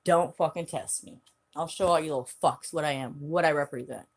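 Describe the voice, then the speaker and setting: A woman with a somewhat low voice, ranting to her viewers on a live stream. She is plainly angry and talks bluntly, swearing freely as she vents. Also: brisk. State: angry, agitated. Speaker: channel host.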